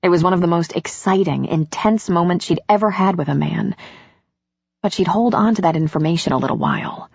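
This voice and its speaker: A woman narrates a romance audiobook in a slow, intimate reading. Her voice sits low and husky, close and dry. The recording has a dull, lo-fi sound. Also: animated, a little mellow, dry recording.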